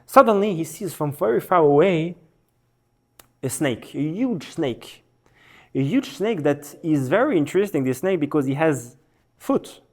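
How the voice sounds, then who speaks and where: A man, a rabbi, giving a lesson as an animated story, repeating words for emphasis. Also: fairly high pitch, a little slow. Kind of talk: storytelling sermon. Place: synagogue hall.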